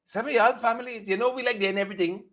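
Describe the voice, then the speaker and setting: A man with a Guyanese accent hosts a satirical news commentary, talking with animation and repeating lines for emphasis. He talks fast in a high, fairly bright voice with a steady tone.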